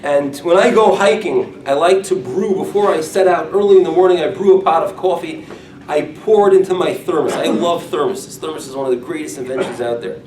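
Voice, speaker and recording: Storytelling rabbi in an echoey room. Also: male voice, on the high side, a little fast. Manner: storytelling, animated and humorous. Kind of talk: informal talk to a group. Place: room with curtains. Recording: echoey room, mic from far off.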